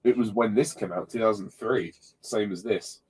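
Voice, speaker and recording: A man's voice: lowish voice, moderate pace, darkish tone, breathy edge, rough recording. A man casually commentating on a film, blunt and scornful in his judgments.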